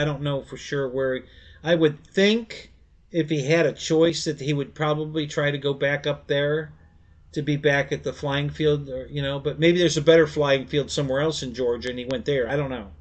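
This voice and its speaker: Middle-aged male stream host, slightly high pitch, halting and rambling, chuckles often. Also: steady tone. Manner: rambling, halting storyteller with many restarts; laughs easily while telling stories. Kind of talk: casual live-stream chat.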